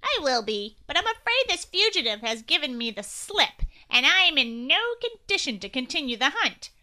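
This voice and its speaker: A woman voicing a nasal-voiced male secret health agent who talks loudly and earnestly. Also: high voice, sing-song, normal speed, pitched above the performer's own voice, heavily acted.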